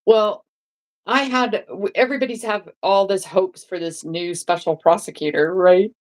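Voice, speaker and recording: An English woman guesting on a casual live-stream chat speaks at normal speed in a steady, mid-range voice. She rambles, restarts often, and keeps asking "right?"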